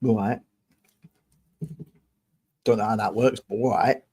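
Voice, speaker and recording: Low, husky and mellow, this young livestream host's voice stays fairly even and unhurried even as he launches into a heated rant. He swears angrily at a commenter, confrontational throughout.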